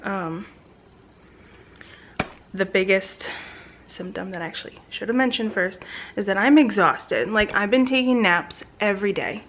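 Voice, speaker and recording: A woman's voice: mid-range voice, expressive, unhurried, long pauses, fairly bright tone, a little hiss or hum, poor audio. A woman in her thirties gives a casual pregnancy update straight to her camera at home. She rambles along in a chatty way, full of ums, likes and restarts, her voice recorded close on the camera. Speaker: vlogger.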